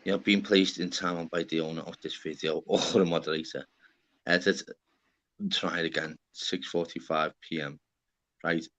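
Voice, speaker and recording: A young man with a Liverpool accent, hosting a casual livestream with loud, swearing banter. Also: sits low, fairly even intonation, normal speed. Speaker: livestream host.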